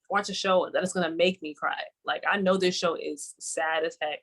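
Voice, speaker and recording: A woman's voice: on the low side, fairly quick, hardly any pauses, a bit bright. Laid-back chatty woman co-host. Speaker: podcast co-host. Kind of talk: casual chat.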